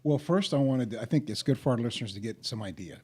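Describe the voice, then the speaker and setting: A man's voice: mid-range voice, lively intonation, fast, warm tone, husky. A man co-hosting a podcast, speaking emphatically and often checking in with his listener. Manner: emphatic, keeps checking in with "okay?". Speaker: podcast co-host. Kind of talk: casual podcast chat.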